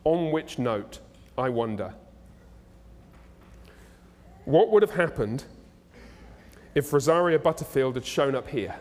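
A male pastor preaching a sermon in a conversational, animated and humorous way, in a church. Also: mid-range voice, takes it slowly, pauses often. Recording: echoey hall.

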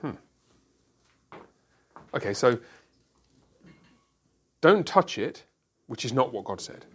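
A man's voice: mid-range voice, big pitch swings, slow pace, slightly rough. Man leading a Bible study discussion. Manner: questioning, explains step by step with examples.

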